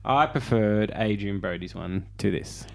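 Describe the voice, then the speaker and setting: A man with an Australian accent, a podcast co-host chatting in a relaxed, hesitant way with frequent ums. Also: on the low side, measured pace, gravelly, soft background music. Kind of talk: casual chat.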